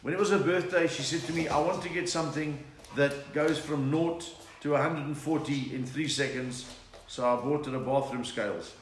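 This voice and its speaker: South african comedian guy on a home livestream, quick chatty jokes, roomy echo and a bit of hiss. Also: mid-range voice. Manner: chatty, bursts into laughing song bits. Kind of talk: livestream chat with viewers, telling jokes. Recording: echoey room with faint hiss.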